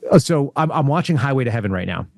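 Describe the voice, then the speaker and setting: A mid-pitched man chats as a guest on a political talk show. He rambles and tells stories with animated energy. The sound is dry, with no room echo. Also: fast talker, creaky. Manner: rambling, animated storyteller with frequent laughs.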